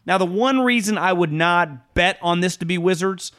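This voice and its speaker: A man co-hosting a sports betting podcast, talking in a rambling, animated way with frequent swearing and laughs. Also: high voice, normal speed, smooth. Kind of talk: casual sports chat.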